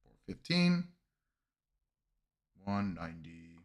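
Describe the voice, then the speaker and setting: A man's voice: low-pitched, sing-song, takes it slowly. A man chatting casually on a livestream as host, rambling with many fillers and restarts, and chuckling often. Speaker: streamer reviewing army lists.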